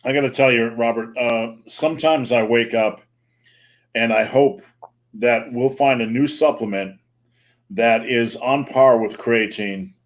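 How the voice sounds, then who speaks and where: A man's voice: mid-range voice, unhurried. A man hosting a live online Q&A, chatting casually and joking, with plenty of fillers. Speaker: host. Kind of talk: live-stream Q&A chat.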